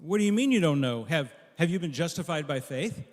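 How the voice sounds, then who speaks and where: A man's voice: sits high, normal speed, voice pushed up. A man doing a flustered, fussy angel. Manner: stammering, fussy, rising panic. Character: flustered male angel at heaven's gate. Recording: long echo of a large hall.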